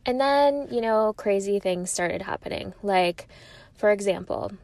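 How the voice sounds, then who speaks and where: A woman's voice: mid-range voice, unhurried, gravelly, a little mellow. A woman sharing her personal faith testimony in a casual storytelling way. She sounds earnest and heartfelt, sometimes emotional, with conversational fillers and restarts.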